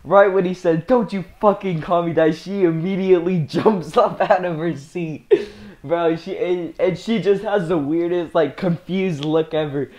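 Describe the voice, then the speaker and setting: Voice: mid-range voice, a little slow, a little mellow. Laughing, rambling young storyteller. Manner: rambling, laughs often, slangy. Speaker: storyteller vlogger. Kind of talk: casual storytime.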